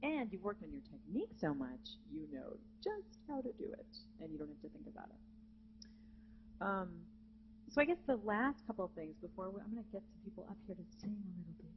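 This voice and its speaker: A woman's voice: mid-range voice, big pitch swings, brisk, dull audio, background noise. A woman teaching a vocal jazz masterclass, chatty and breaking into short sung phrases. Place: conference hall with live student audience.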